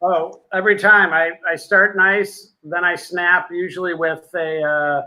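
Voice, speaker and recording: Bright, mild-mannered Midwestern man comic. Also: high-pitched, level tone, unhurried. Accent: Midwestern American. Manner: mild, apologetic, people-pleasing. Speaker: comedian guest.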